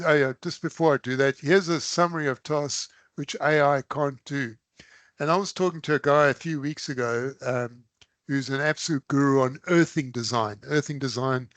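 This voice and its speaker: A man presents a live online lesson in a slightly high voice. He talks in a casual, rambling way, punching single words with energy. The sound is close and dry, with no room around it. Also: no echo. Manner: chatty, loose, animated with sudden emphatic bursts. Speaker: webinar presenter.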